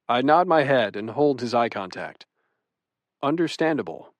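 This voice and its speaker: A man's voice: medium pitch, lively intonation, normal speed, no echo. A young man narrating a romantic comedy audiobook in first person, wry and self-deprecating. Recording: dry studio booth.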